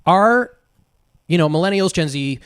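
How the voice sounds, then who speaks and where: A man's voice: sits high, animated, a little slow, fairly bright tone, clear, resonant tone, dry recording, clean studio sound. A man co-hosting a podcast, explaining his theories about films in a laid-back, casual way. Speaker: podcast co-host. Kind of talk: casual movie review chat.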